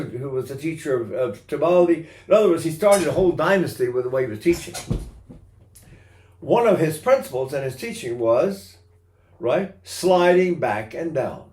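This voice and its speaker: A man's voice: a little high, darkish tone. An older man teaching singing technique, talking animatedly and breaking into short sung vowels and laughs to demonstrate. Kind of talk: singing lesson with sung examples. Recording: roomy echo.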